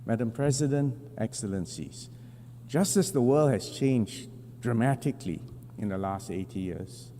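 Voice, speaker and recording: A man delivering a formal prepared speech as a government delegate at a large assembly, measured and emphatic with deliberate pauses. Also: medium pitch, expressive, mellow, long reverb tail, a little hiss or hum.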